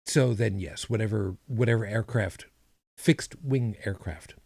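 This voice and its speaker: Husky low-voiced man, lively chat. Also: a little slow, no echo. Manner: rambling, self-correcting, dry humor. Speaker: podcast co-host. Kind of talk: casual chat.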